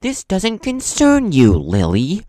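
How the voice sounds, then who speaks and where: A man's voice: high-pitched, huge pitch swings, mellow, no echo, clean studio sound, pitched above the performer's own voice, full character voice. A man voicing an arrogant teenage boy who speaks scornfully and drags out his words. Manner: scornful and drawn-out.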